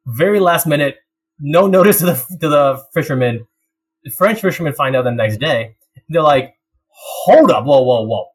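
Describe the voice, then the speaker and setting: A young man in casual chat, telling a story with lots of laughs and quick put-on voices. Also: fairly high pitch, a little hiss or hum, poor audio. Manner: animated storytelling, laughs often, slips into voices.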